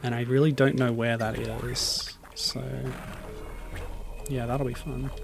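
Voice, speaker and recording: A man's voice: mid-range voice, level tone, takes it slowly, creaky. A man streaming a video game, chatting casually and rambling off on tangents as he plays. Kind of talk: casual gameplay commentary. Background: game music.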